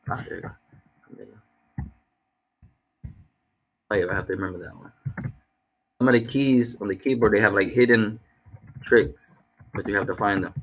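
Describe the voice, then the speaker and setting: A man's voice: on the low side, a bit bright, a little hiss or hum. A man teaching an online class, who praises his students and repeats and explains each point patiently. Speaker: language teacher.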